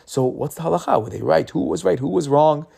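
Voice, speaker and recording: Gravelly low-voiced man giving a Torah talk. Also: expressive, brisk, dark tone. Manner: conversational, repeats words when restarting, acts out quotes. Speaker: Torah teacher. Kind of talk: casual weekly Torah talk.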